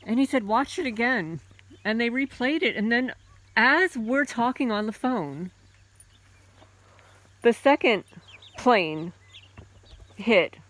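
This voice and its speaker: A middle-aged American woman who hosts her own homesteading channel tells a personal story loosely and conversationally, full of fillers and restarts. Her voice is a little high and fairly bright, with lively intonation, a slow pace, and long pauses.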